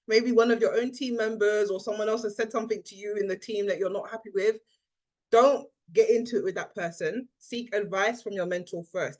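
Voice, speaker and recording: Woman, team leader, lively training call talk, video call. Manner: energetic, acts out quoted people in a high voice.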